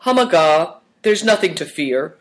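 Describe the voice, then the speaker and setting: A man's voice: a little high, expressive, measured pace, fairly bright tone. A man reading aloud who voices a ceremonious, persuasive man with flowery, formal phrasing.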